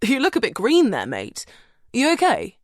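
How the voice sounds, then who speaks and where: A woman's voice: a little high, wildly swooping pitch, moderate pace, dry recording, clean studio sound, pitched above the performer's own voice. A woman voicing a cheerful man, a doctor who teases his friend in chummy banter. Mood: teasing.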